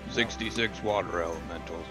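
A man playing a tabletop game, talking in a slow, drawling way. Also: low-pitched, over music. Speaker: player. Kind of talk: casual tabletop game play.

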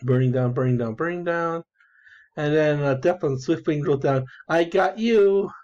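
A man's voice: on the high side, normal speed, a little mellow. A man casually talking through his online strategy game, rambling, repeating phrases, swearing and giggling as he goes. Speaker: gamer narrating his play. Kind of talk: casual gameplay commentary. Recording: dull lo-fi sound.

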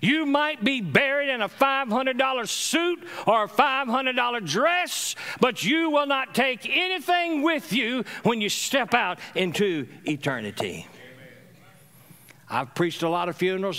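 A middle-aged pastor, preaching in a high, bright, ringing voice. He calls on the congregation to answer back, rising to loud exhortation and then dropping to soft, low murmurs. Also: sing-song, unhurried. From Louisiana, USA. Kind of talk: sermon. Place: church sanctuary.

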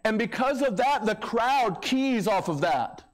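High-voiced preaching pastor. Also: male voice, animated, unhurried. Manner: conversational preaching with fillers, mocks the crowd in raised voices. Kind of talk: sermon. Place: church sanctuary. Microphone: handheld or stand microphone.

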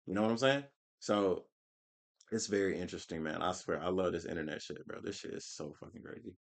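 A man's voice: low voice, fairly quick, creaky. Slangy man reacting to a clip. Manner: slangy, emphatic, swears a lot. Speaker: reaction streamer. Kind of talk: casual reaction commentary.

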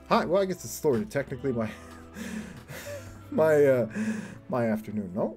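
A man's voice: mid-range voice, expressive, moderate pace, pauses often, faint music behind. A young man streaming a game, chatting crudely and jokily with his viewers. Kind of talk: casual live-stream chat while playing.

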